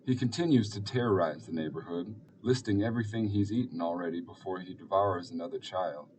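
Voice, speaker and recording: A man narrating an audiobook in calm, even storytelling. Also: sits low, brisk, distant mic, a little hiss or hum. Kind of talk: scripted narration.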